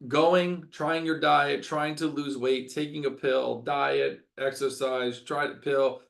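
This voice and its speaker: A man's voice: mid-range voice, fairly even intonation, slow, gravelly, few pauses, fairly bright tone. A middle-aged man with a mid-range voice hosts a health webinar as a doctor. He talks with passion, rants openly, and repeats words for emphasis.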